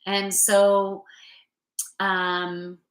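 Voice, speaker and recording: A woman's voice: mid-range voice, completely flat delivery, drawn-out words, roomy sound, poor audio. A woman giving a chatty, upbeat weekly card reading, talking loosely and playfully. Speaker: spiritual card reader.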